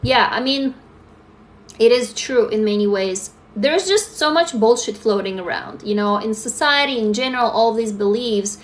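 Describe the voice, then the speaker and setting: A woman's voice: fairly high pitch, moderate pace. A woman in her forties from Russia hosting a casual livestream, candid and emphatic, swearing freely as she answers viewer comments on a phone. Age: 40s. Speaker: livestream host.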